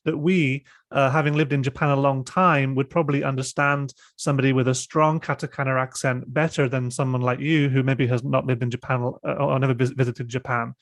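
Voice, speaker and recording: A British man hosting a webinar discussion and software demo, speaking with many fillers and restarts over a video call. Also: medium pitch, steady tone, fairly quick, few pauses, dry recording. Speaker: host.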